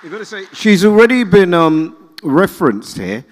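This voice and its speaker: A man's voice: high-pitched, big pitch swings, normal speed, some chatter behind, a little hiss or hum. A man hosting a live interview at an event, jokey and chatty with lots of restarts. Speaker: host. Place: indoor event venue with audience. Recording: reverberant event hall.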